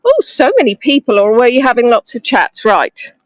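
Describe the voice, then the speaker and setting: A woman's voice: on the high side, very animated, fairly quick, no echo, low-quality recording. A woman leading a live-streamed walking tour outdoors in the snow, chatting and greeting viewers by name, filmed on a phone held close on a gimbal. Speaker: virtual tour guide. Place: outdoors in a snowy town street. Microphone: phone on a gimbal held close to the face.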